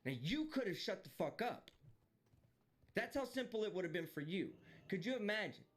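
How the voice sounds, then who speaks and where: A man's voice: sits high, animated, moderate pace. A man streaming live, delivering a heated, profane and mocking rant. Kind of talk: ranting live stream commentary.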